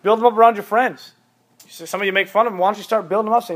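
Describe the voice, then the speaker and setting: Preaching to teenagers, this man in his thirties, a youth pastor, speaks at a racing pace in a high, fairly bright voice with fairly even intonation. His sermon is emphatic, and he repeats commands over and over to drive each point home.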